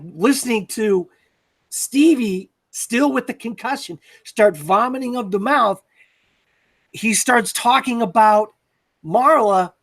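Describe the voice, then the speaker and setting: A man's voice: high voice, fairly bright tone, no room sound. A man hosting a casual film discussion podcast, recapping scenes in a hesitant way with many fillers. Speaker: podcast host.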